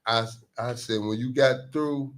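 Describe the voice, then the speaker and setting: A man, hosting a casual radio talk and telling stories with animated energy. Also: mid-range voice, unhurried. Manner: animated storytelling, laughs often. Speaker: radio show host. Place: radio studio.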